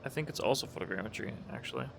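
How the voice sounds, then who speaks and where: This young man, a gaming video creator, races through animated live commentary while flying in a game, rambling, self-correcting, and seeming half asleep. His voice sits fairly low with vocal fry, against a noisy background.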